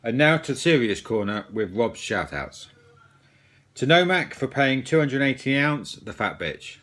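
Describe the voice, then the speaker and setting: A man hosting a joke news bulletin, dry and offhand, reading out shout-outs. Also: mid-range voice, sing-song, moderate pace. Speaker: mock news host.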